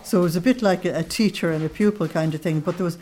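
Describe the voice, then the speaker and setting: Lively woman giving a religious talk. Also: fairly low pitch, fast, slight background noise. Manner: lively, laughs often, reads quotes aloud with feeling. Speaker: speaker on Christian mysticism. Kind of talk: informal religious talk to a group.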